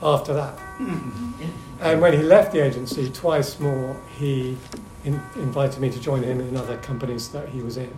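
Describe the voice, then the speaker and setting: A man's voice: mid-range voice, normal speed, faint music behind. Middle-aged man telling stories, echoey room. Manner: hesitant, with many ums and restarts; lively storyteller. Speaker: seminar speaker. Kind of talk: anecdotal talk to a seminar audience. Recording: echoey room with faint hum.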